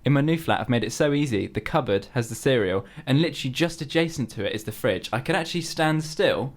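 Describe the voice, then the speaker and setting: A young man from England, a podcast host, tells chatty stories at an easy pace. His voice sits in a middle register, and he gets animated whenever he quotes other people. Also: medium pitch, fast talker. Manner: chatty storytelling, animated when quoting people. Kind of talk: casual chat.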